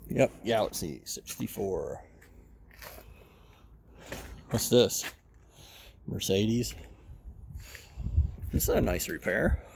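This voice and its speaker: A man's voice: lowish voice, gravelly, a little mellow, a little hiss or hum. A man giving casual walk-around commentary at an outdoor junkyard, muttering running remarks to himself as he browses. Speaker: car hobbyist vlogger.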